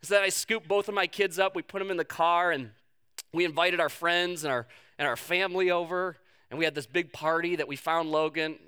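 A man's voice: a little high, fairly even intonation, fairly quick, sharp tone, clear, resonant tone. A man preaching a sermon, telling a personal story with self-mocking humor and acting out the quotes. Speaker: pastor.

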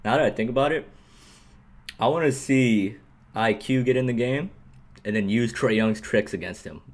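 A man co-hosting a sports podcast, talking in a rambling, animated way, laughing often and asking "you know what I mean" again and again. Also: mid-range voice, normal speed. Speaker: podcast co-host. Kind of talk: casual sports chat.

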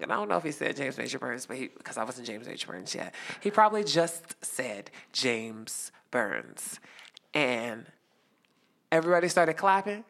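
A young man telling a lively story as a guest, acting out the quotes. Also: medium pitch, fairly quick, vocal fry. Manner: animated, acts out quotes. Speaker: guest performer. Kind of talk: casual storytelling.

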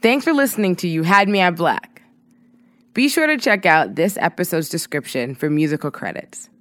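A woman host reads a scripted podcast sign-off. Her delivery is lively, with a slightly low pitch. The recording is close and dry. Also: moderate pace, no echo. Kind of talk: scripted outro.

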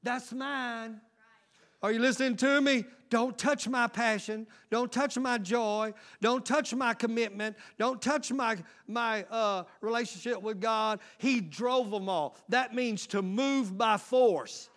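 A man with a high voice preaches a sermon as pastor. He moves between forceful exhortation and quiet, confiding asides, and keeps checking in with the congregation through rhetorical questions. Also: slow pace. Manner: frequent call-outs to the congregation.

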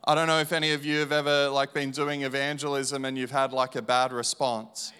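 A man preaching an evangelistic sermon and sharing his testimony, repeating phrases slowly and emphatically, swinging between hushed and loud. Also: mid-range voice, little pitch movement, clear, resonant tone.

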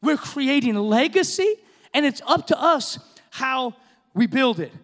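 A middle-aged male pastor preaching with passion, his voice sitting very high for a man. It rings out through a large hall with a long reverb behind it. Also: lively intonation, measured pace. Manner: impassioned preaching, rising to shouts. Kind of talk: sermon.

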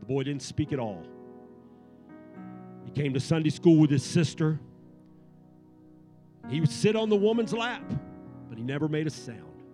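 A man preaching a sermon in church, swinging from hushed tones to shouting. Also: fairly high pitch, lively intonation, normal speed, long pauses. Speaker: pastor. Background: soft piano keys.

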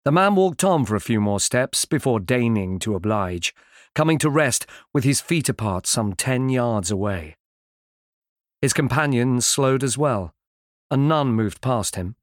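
A man narrating a fantasy audiobook in a measured, clearly enunciated way, recorded on a close studio mic. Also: mid-range voice, animated, no echo.

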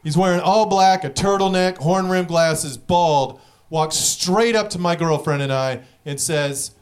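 A young man with a fairly high voice performs stand-up, rattling off profane stories and acting them out. The audience laughs in the background.

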